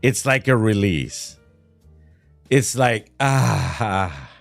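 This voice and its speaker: A man's voice: fairly low pitch, big pitch swings, unhurried, no room sound, soft background music. A man from Quebec whose first language is French, with a Quebec French accent, chatting casually on a livestream in a whiny, ranting way, laughing often and swearing. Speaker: streamer.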